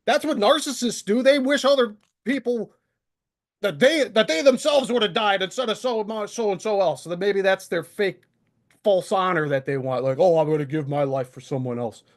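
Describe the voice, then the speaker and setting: A man's voice: sits high, normal speed. A male livestream host delivering an exasperated, profane, confrontational rant straight to the camera. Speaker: channel host. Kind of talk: ranting livestream monologue.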